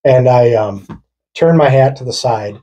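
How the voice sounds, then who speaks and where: Husky, mellow man telling stories. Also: medium pitch, measured pace, muffled recording. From rural Wisconsin. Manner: loose, profane, laughing through his story. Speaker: podcast co-host. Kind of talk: casual storytelling among friends.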